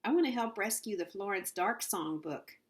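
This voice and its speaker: A woman voicing an excitable, anxious young girl in a read-aloud storybook, breathless and pleading. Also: mid-range voice, normal speed, lightly acted. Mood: eager.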